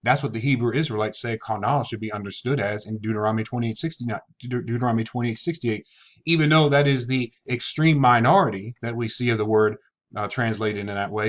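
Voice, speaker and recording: A man's voice: mid-range voice, fairly bright tone, muffled recording. A man teaching a scripture lesson in an online video, methodical and posing rhetorical questions as he reads verses aloud. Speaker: Bible teacher.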